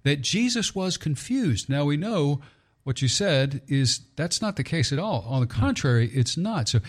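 A man co-hosting a radio show, asking the pastor questions in a lively, conversational way. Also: a little high, moderate pace. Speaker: co-host.

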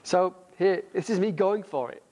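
Brief: middle-aged northern English man, slightly higher pitch, chatty self-deprecating church talk with a book reading. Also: normal speed, a little mellow, a little hiss or hum. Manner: conversational, self-deprecating, reads aloud. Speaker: church speaker.

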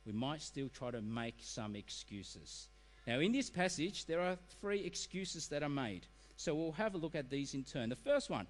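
Lively preacher in a reverberant hall. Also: male voice, fairly high pitch. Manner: animated, acts out excuses in quoted voices. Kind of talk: sermon.

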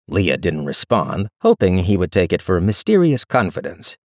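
A man narrating a fantasy short story in a measured, even storytelling voice. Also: sits low, no echo, clean studio sound. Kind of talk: audiobook narration.

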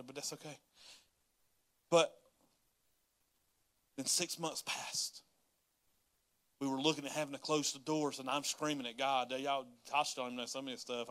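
A man preaching a sermon as a pastor, folksy and conversational, rising to loud pleading. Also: mid-range voice, clear, resonant tone. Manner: folksy Southern-style preaching, rising to yelling in acted prayers.

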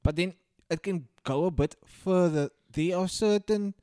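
A young man in casual podcast chat, profane and animated, breaking into sudden loud rants. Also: sits high, unhurried, smooth, no echo, clean studio sound. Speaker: podcast co-host.

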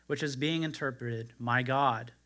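Male preacher, bright ringing tone, reads scripture aloud as a sermon and lifts his voice for the quoted lines. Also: mid-range voice, measured pace. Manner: reads the King James text aloud, rising for quoted cries.

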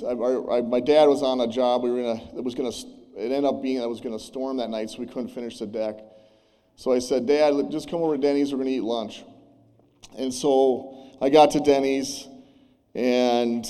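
A man tells a personal faith story to a gathering, speaking earnestly and haltingly, full of restarts and fillers. His tone is mellow and dark, and his voice wavers as tears come. A long reverb from a large hall trails each phrase. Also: mid-range voice. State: tearful, voice breaking. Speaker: churchgoer sharing a testimony. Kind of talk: personal testimony.

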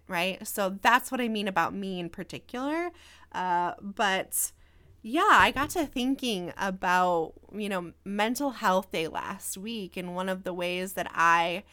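A young woman from the Midwest talks through her solo podcast at an unhurried pace. She keeps it casual and reflective, tossing in "you know" and "right?" as she goes. Her voice sits in an ordinary middle range. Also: medium pitch, pushed and bright. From American Midwest. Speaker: podcast host.

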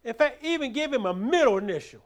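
A man's voice: extremely high pitch, expressive, fast talker. A man teaching a bible study in a preacherly way, stressing key words and calling on his group to answer back. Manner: preacherly, rising and falling emphasis, call-and-response; repeats and restarts words.

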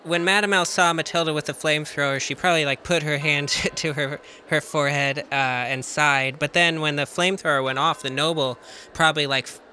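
A man's voice: fairly high pitch, steady tone, brisk, sharp tone, slight background noise. A man playing in a tabletop game who thinks aloud in a hesitant, hedging way. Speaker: player. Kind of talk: casual tabletop play.

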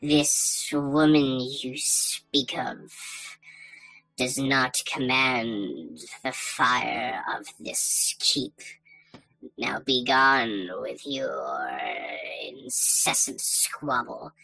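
A man voicing a haughty red dragon wyrmling guard, talking in a slow, snake-like hiss. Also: medium pitch, expressive, vocal fry, bright, forceful tone, dry recording, soft background music, heavily acted, low-quality recording. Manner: slow, snake-like hissing delivery.

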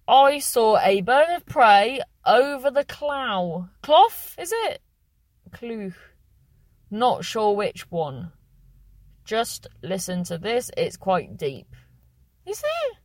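A woman's voice: mid-range voice, very animated, takes it slowly, long pauses, dry recording. A young woman hosting a podcast, chatting casually and reading out listener messages, rambling and correcting herself. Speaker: podcast host.

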